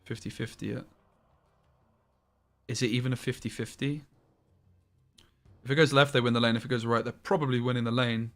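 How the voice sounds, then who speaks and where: A man's voice: medium pitch, level tone, a little fast, long pauses, faint music behind. A man streaming a card game live, thinking aloud about each play and swearing casually as he goes.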